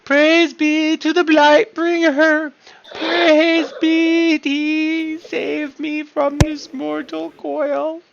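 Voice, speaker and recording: A player voicing a fanatical little imp who chants high, slow praises, on a dull, hissy mic. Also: expressive. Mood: worshipful chanting. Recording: dull lo-fi mic with clear hiss.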